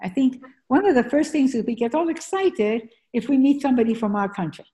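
Her voice runs on the high side, expressive, brisk and mellow, as this author tells her story in a conversational interview. Originally French-speaking and from Argentina, she talks earnestly and fills her speech with fillers.

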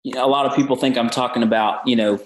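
A man's voice: mid-range voice, fairly even intonation, quick pace. A man with a Southern American accent, a pastor explaining his sermon in a podcast interview with an earnest preaching cadence. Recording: roomy echo.

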